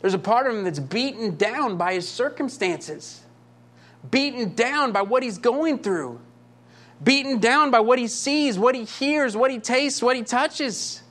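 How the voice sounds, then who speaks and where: A man's voice: very high-pitched, lively intonation, unhurried, a bit bright. A male pastor preaching a sermon with passion, driving points home with repetition and rhetorical questions.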